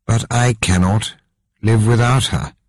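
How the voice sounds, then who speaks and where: A man reading an audiobook, voicing a grave, resolute king in earnest, measured dialogue. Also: fairly low pitch, steady tone, no echo, pitched above the performer's own voice, lightly acted.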